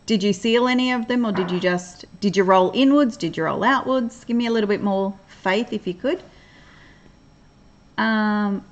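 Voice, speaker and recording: A woman's voice: medium pitch, moderate pace, lo-fi sound, slight background noise. A middle-aged woman from Australia with an Australian accent, chatting casually on a livestream, reading viewers' comments aloud and laughing often. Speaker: livestream host.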